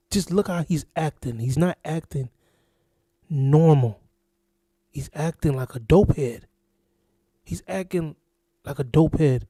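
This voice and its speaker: A man from Florida talks through a reaction video in loose, repetitive casual commentary. His voice sits a bit high yet sounds very dark and mellow. The sound is close and dry. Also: no room sound. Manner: rambling, repetitive, exasperated. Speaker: reaction channel host.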